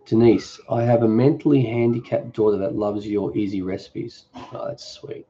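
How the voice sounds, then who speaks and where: Mellow man, casual live chat. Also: fairly low pitch, steady tone, normal speed, highs cut off. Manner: easygoing, reads viewer comments aloud and answers them off the cuff. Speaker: cooking channel host.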